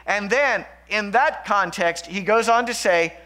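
A man preaching a sermon as pastor, shifting between loud emphatic lines and hushed, slow passages. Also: high-pitched.

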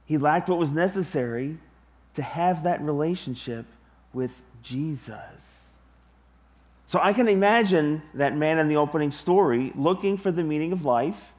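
A man preaching a sermon to his congregation, deliberate and emphatic, with long pauses. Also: on the high side, animated, a little mellow. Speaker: pastor.

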